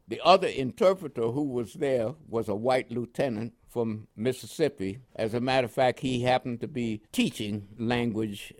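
A man's voice: mid-range voice, a little mellow. An older man from the United States, telling long rambling stories in a radio interview, with many fillers. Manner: rambling storytelling with frequent fillers. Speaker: guest.

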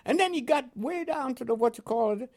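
In an oral history interview, an older Panamanian man narrates his life in an extremely high-pitched, expressive voice that's a little fast and slightly mellow. West Indian inflections color his New York accent, and he often chuckles.

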